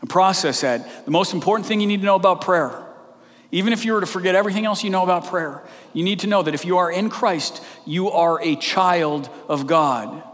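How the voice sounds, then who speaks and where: A man's voice: high voice, a bit bright. Earnest preaching man in a reverberant hall. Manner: earnest and conversational, moving between quick asides and slow, drawn-out emphasis. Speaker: pastor. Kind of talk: sermon.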